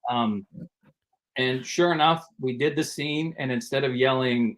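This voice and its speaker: A man guesting on a podcast, telling animated stories and acting out quotes from his work as a performer. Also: medium pitch, measured pace. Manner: animated anecdote teller who acts out quotes. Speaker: guest actor, comedian and voice actor. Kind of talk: casual interview storytelling.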